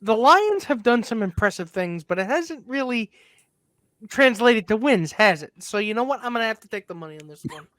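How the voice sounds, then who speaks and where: Bright, dry-recorded joking male guest. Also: sits high, sing-song, brisk, no room sound. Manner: joking, swears freely. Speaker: guest from another show. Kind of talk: casual sports betting talk.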